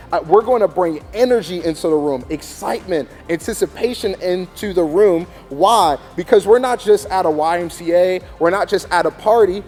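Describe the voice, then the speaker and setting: Brief: male youth leader with a high, bright voice, coaching hosts, emphatic delivery, faint music underneath. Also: moderate pace, hardly any pauses. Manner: animated, emphatic, demonstrates with mock announcements; checks in with frequent "okay?". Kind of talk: training talk to volunteers.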